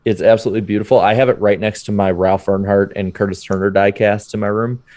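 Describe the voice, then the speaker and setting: A man's voice: fairly low pitch, steady tone, fast talker, darkish tone. A man co-hosting a podcast, showing off a collectible with enthusiastic, rambling show-and-tell. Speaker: podcast co-host. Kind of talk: casual chat.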